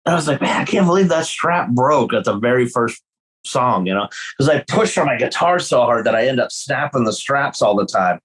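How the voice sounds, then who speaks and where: A man telling tour stories with a lot of energy, his pitch jumping high whenever he acts out what someone said. He swears freely and laughs through his own stories, a musician in a loose podcast chat. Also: expressive, fairly quick, fairly bright tone, breathy edge, low-quality recording. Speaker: guest guitarist.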